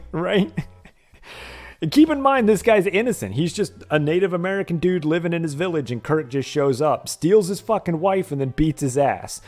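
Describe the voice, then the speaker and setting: A man streaming a retro game, casually retelling a TV episode with lots of swearing and frequent laughter. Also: on the high side. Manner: profane, laughs often, animated storytelling.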